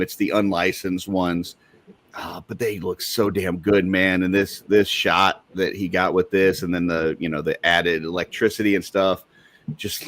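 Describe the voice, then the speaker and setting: A man's voice: low voice, fairly bright tone, no room sound. A man co-hosting a casual podcast chat, laughing often and restarting sentences. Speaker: podcast co-host.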